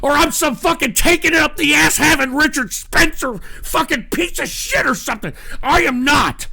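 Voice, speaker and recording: A man with a very high, bright voice and a gravelly edge, ranting at his stream chat. His commentary is sarcastic and loaded with swearing, delivered straight into a desk microphone. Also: moderate pace. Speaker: live streamer reacting to a video. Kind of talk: profane reaction commentary.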